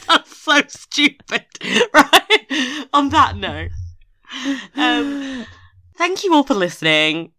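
A woman co-hosting a casual podcast chat, animated and quick to laugh, often trailing off mid-sentence. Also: sits high, no echo, studio quality. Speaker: podcast co-host.

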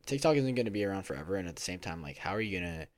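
A young man with a very low, deep voice hosts a casual solo podcast from home. He rambles and second-guesses himself, piling up fillers and restarts. The sound is close and dry, with no room around it. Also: big pitch swings, very fast, no echo. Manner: rambling, self-conscious, full of fillers and restarts. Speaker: podcast host. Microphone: home recording mic.

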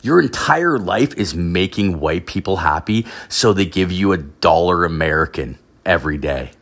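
A man's voice: sits low, animated, moderate pace, a bit bright. A man ranting casually, rambling with constant filler words and heavy swearing. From Canada. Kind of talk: profane casual rant.

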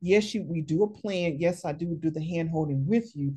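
A woman career coach talking in an interview, telling stories in a lively, emphatic way and often adding tag questions. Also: deep voice, moderate pace, slightly rough. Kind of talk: conversational interview, storytelling.

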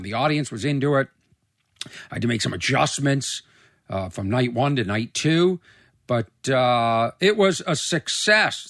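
A man's voice: on the high side, a bit bright, no room sound, clean studio sound. A man hosting his own show, telling rambling stories in a casual monologue full of fillers and restarts. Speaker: comedian podcast host.

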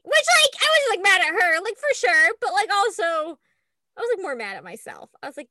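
Bubbly high-voiced woman, laughing often. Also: fairly quick, no echo, studio quality. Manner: giggly, animated, lots of "like". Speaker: podcast co-host. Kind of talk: casual chat.

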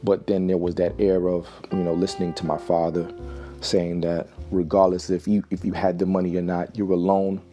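Deep, mellow-voiced man telling a story. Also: little pitch movement, soft background music. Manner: reflective, halting with restarts. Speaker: host. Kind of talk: personal storytelling.

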